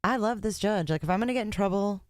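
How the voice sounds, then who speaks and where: A woman's voice: mid-range voice, fast, no room sound, clean studio sound. A woman hosting a casual livestream, chatting and joking with her viewers between court sessions. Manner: chatty, joking, talks to chat. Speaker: livestream host.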